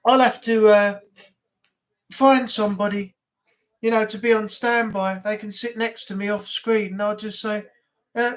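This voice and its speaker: A northern English man hosting a relaxed weekly live chat on his stream. He rambles along casually, filling pauses with ums and uhs as he answers his chat. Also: high voice. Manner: rambling, relaxed, with many fillers. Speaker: livestream chat host.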